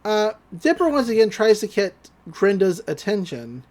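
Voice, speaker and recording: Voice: mid-range voice, very animated, normal speed, darkish tone. A podcast host recapping a cartoon episode in casual chat, laughing often and acting out the characters' lines.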